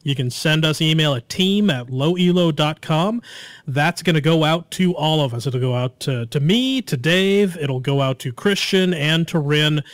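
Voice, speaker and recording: A man's voice: a little high, expressive, normal speed, dry recording. A man hosting a casual gaming podcast, upbeat and encouraging as he talks straight to his listeners. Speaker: podcast host.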